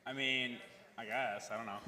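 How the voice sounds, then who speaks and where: A man's voice: medium pitch, fairly even intonation, moderate pace, pushed and bright, big-room sound, poor audio. A man running a tongue-twister game at a live event, laughing and easygoing. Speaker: game host.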